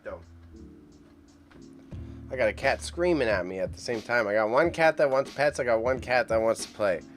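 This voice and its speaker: A man hosting a live-stream auction reaction in casual, upbeat commentary, chatting to his viewers and his cat. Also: a little high.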